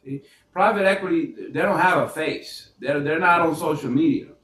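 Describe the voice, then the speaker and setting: A man coaching viewers on business funding in a loose, animated way, full of rhetorical questions and fillers. His voice sits a little high for a man. He sounds set back from the microphone in an echoey room. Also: moderate pace. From New York. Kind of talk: casual teaching monologue. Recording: echoey room, mic at a distance.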